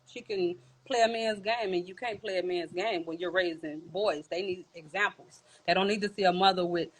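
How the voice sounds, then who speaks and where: A woman's voice: lowish voice, normal speed. A woman speaking earnestly and plainly, giving her opinion in a casual conversation.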